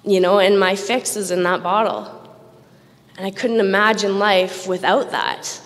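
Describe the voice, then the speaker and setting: A woman's voice: medium pitch, normal speed. A woman giving a candid personal recovery testimony at a roundup, self-mocking and laughing between lines, speaking into a stage microphone. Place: large event hall. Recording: long hall reverb.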